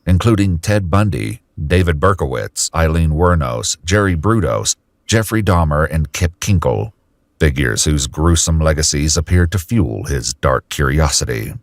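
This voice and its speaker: A man narrating a documentary in a grave, measured, scripted way. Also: very deep voice, lively intonation.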